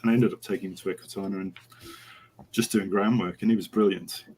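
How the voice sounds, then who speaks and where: A man's voice: sits low, fast talker, slight background noise, poor audio. A middle-aged man, a horse trainer, telling a story as a podcast interview guest and acting out the dialogue as he goes. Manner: animated anecdote, acting out quoted dialogue.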